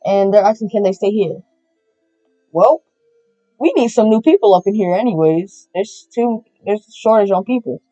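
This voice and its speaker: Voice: medium pitch, expressive, normal speed, dark tone, dry recording, lightly acted. A performer voicing a helpful male rabbit animatronic who talks in a hesitant, casual way in a fan-made game roleplay. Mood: explaining. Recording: slightly muffled with faint music.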